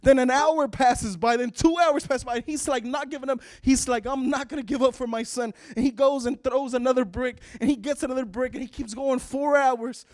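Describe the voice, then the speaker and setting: Man, very high voice, pastor, emphatic sermon, repeats and builds to shouting. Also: fairly even intonation, fairly quick, hardly any pauses. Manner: emphatic, repetitive preaching, rising to shouts. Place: preaching to an online audience.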